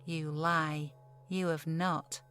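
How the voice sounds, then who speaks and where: A woman voicing an old male pub landlord with a broad Yorkshire accent, speaking slowly and deliberately, calm and ominous. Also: lowish voice, faint music behind. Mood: mild. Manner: broad dialect, slow and deliberate.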